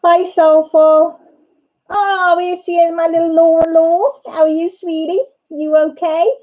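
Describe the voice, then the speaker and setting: A woman hosting a casual chat livestream, excitable, laughing and greeting viewers by name. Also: very high-pitched, normal speed. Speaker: livestream host. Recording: dull lo-fi livestream sound.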